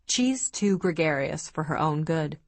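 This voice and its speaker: A wry teenage boy who teases with blithe, deadpan ease, as a woman narrator reads him. He drawls his lines slowly and leisurely, in a dry, close audiobook sound with no room around it. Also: deep voice, no echo. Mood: teasing.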